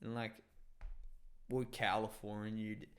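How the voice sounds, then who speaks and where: A man's voice: lowish voice, level tone. Swearing young man chatting. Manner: swears a lot, jumps between quick impressions of accents. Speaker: podcast co-host. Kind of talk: casual chat.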